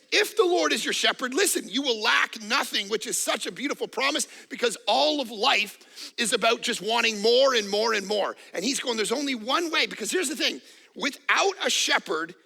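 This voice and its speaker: Pastor, man, 40s: sharp, bright-edged voice, high-set, emphatic repeating sermon delivery with quips. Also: gravelly. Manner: emphatic, repetitive, joking asides.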